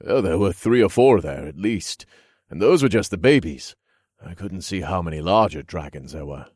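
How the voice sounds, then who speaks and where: A man with a very low, deep voice reads a fantasy novel aloud in the first person. His storytelling is calm and even. The recording is dry and close, with no room sound. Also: moderate pace, breathy edge, no echo. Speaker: audiobook narrator.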